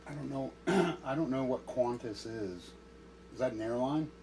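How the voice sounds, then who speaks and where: A man bantering on a podcast, blunt and crude with a deadpan delivery. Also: medium pitch, moderate pace, background noise.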